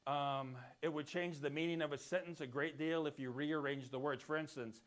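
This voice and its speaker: Man, Bible class teacher, slightly high voice, casual explainer who keeps checking the class follows. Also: moderate pace, few pauses. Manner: explains step by step, often checks in with "right?". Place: church classroom.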